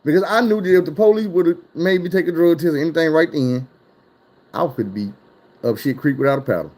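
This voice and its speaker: A man's voice: a little high, fairly quick, a little mellow. A man telling a wild personal story in casual, profane chat, his voice jumping up when he gets worked up.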